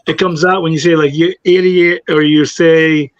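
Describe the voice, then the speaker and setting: A man's voice: a little high, steady tone, moderate pace, no echo, muffled recording. A man chatting casually on a livestream, rambling and laughing a lot.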